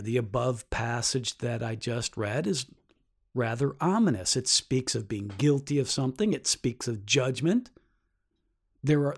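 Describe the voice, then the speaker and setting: A man teaches a Bible lesson, explaining earnestly and posing rhetorical questions. When he stresses a point, his voice climbs sharply in pitch.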